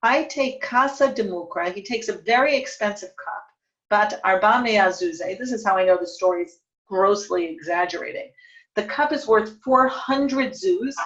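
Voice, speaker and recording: A woman's voice: medium pitch, normal speed, fairly bright tone, muffled recording. A woman teaching a Talmud study lesson, reading passages aloud and translating them, thinking aloud and correcting herself as she goes. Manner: thinks aloud, self-correcting with fillers and restarts.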